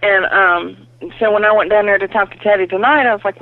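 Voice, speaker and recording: A woman's voice: mid-range voice, fairly even intonation, fast, no echo, phone-quality sound. A woman, the host's sister, chatting casually with blunt teasing and frequent laughter. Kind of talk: casual chat.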